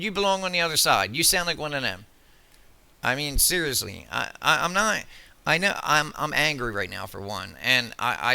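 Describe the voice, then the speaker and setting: A man's voice: medium pitch, pushed and bright, no room sound. A man delivering an angry, heated commentary rant, swearing often and stumbling over restarts. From United States. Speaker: political commentary vlogger.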